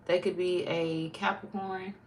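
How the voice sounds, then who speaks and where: A woman's voice: fairly low pitch, level tone, measured pace, very noisy. A woman reading tarot in a casual, blunt, chatty way, swearing freely. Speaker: tarot reader. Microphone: phone.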